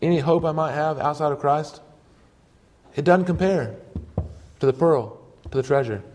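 A man's voice: a little high, normal speed, darkish tone. A man preaching a sermon, telling stories earnestly in short emphatic phrases.

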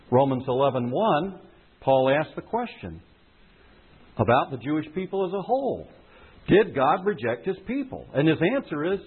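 Preacher guy, lively sing-song delivery, kinda husky, tinny phone-line sound. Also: medium pitch. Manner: emphatic preaching, voice leaps up on quoted lines. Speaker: pastor. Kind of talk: sermon.

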